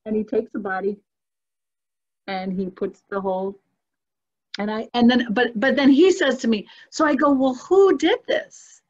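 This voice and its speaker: Woman, earnest storyteller, emotional, middle pitch, dull lo-fi call audio. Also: steady tone, normal speed, pauses often. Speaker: guest, spiritual coach. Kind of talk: casual personal storytelling.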